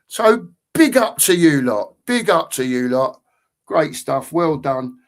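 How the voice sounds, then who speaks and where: A man's voice: fairly high pitch, very animated, takes it slowly. A middle-aged man co-hosting a football fan channel, chatting loosely on a live stream and reading out viewer comments. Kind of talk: casual live-stream chat.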